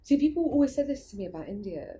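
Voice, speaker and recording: This young adult woman talks fast in a high-pitched, very animated voice with a dark tone and a faint hiss or hum. As an interview guest who founded an arts project, she tells casual, rambling stories with plenty of fillers and restarts, laughing often.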